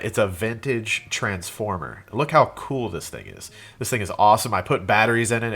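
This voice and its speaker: A congested young man with a cold talks through his recent sales in a loose, rambling way. His voice sits fairly low, and he hops between items with fillers and restarts. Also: a bit bright. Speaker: reseller vlogger. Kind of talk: casual show-and-tell vlog.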